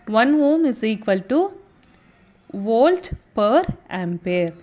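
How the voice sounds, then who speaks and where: A young woman teaches an exam revision lesson, patient and methodical, and recaps each point. Her voice sits slightly high. She often pauses on "so" and "okay" before the next step. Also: very animated, a little mellow, highs cut off.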